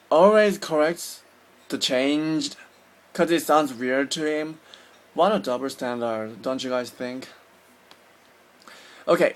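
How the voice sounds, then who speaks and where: A Korean vlogger with a Korean accent delivers a casual opinion monologue, unhurried and deliberate. His man's voice sits at an ordinary middle pitch, and he sounds earnest and confident, pausing and restarting while hunting for the right words.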